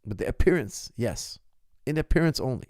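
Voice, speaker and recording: Middle-aged man, martial arts coach, solo Q&A talk, gravelly fry in the voice, dry close sound, emphatic and repetitive. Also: mid-range voice, lively intonation, brisk, darkish tone, no room sound. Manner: impassioned, emphatic repetition of phrases. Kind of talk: casual solo talk answering viewer questions.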